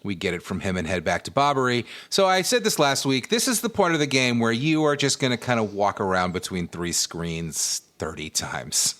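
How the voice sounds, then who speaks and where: A man's voice: on the low side, expressive, normal speed, hardly any pauses, a bit bright. A man co-hosting a casual podcast, recapping a video game's plot in a loose, joking way. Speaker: podcast co-host recapping a game.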